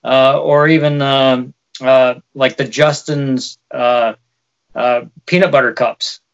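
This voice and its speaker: A man's voice: medium pitch, steady tone, takes it slowly, dull audio. A man with a light Wisconsin accent co-hosting a podcast, chatting casually and explaining with frequent fillers. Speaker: podcast co-host. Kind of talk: casual chat.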